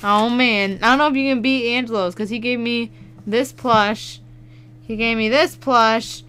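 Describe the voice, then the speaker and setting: Excitable bright-voiced woman opening mail. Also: a little high, a little slow, a little hiss or hum. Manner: excitable, laughing, bursts of shouting. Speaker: YouTuber opening fan mail. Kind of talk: casual unboxing chat.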